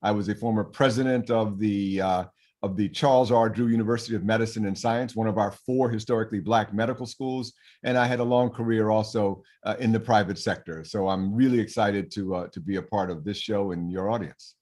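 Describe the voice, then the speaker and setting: Older male doctor guest, low voice, earnest and measured explainer. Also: fairly even intonation, a little mellow. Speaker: physician guest. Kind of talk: explaining on a talk show.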